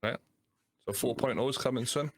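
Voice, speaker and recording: A man's voice: medium pitch, a little fast. A man hosting a casual podcast, asking questions and laughing easily. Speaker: host.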